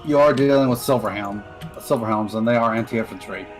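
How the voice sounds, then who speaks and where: A man giving relaxed, matter-of-fact remarks while playing a co-op strategy game with a friend. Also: fairly low pitch, a little fast, faint music behind, poor audio. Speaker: co-op partner. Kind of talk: casual co-op gameplay chat.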